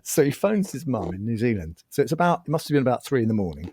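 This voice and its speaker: A man's voice: mid-range voice, fast talker, vocal fry, hardly any pauses, breathy edge. A middle-aged man, telling anecdotes as a podcast guest and acting out the quotes. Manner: animated anecdotes with acted-out quotes. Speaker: podcast guest, former racing driver. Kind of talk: casual storytelling chat.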